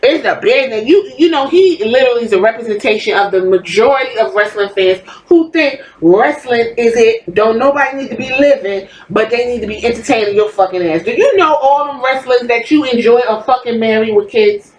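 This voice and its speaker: Woman, podcast host, profane heated rant, higher voice. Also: lively intonation, brisk, hardly any pauses, slight background noise, rough recording. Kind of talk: opinionated commentary rant.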